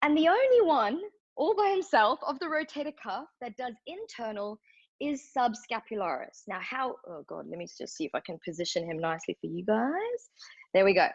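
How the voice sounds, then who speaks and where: A woman's voice: on the high side, very animated, normal speed, highs cut off. A woman teaching yoga anatomy in a live online workshop, upbeat and encouraging, asking questions of her class in the chat.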